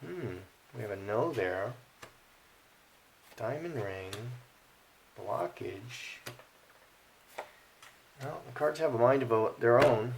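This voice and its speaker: A man hosting his own channel, giving emphatic, opinionated commentary and then reading playing cards in a relaxed, musing way. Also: medium pitch, takes it slowly, vocal fry, long pauses, slight background noise. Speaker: card reader and channel host. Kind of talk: casual commentary and card reading.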